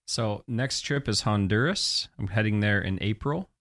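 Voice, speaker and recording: A man, a guest evangelist, talking in a relaxed, casual way with the odd chuckle. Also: on the low side, moderate pace. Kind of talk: casual conversation.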